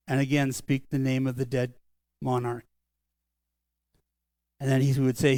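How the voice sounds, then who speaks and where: An older man preaching a sermon as pastor, earnest and conversational, slowing down for solemn lines. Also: medium pitch, flat delivery, a little mellow, smooth, dry recording, studio quality. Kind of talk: sermon storytelling. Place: church sanctuary.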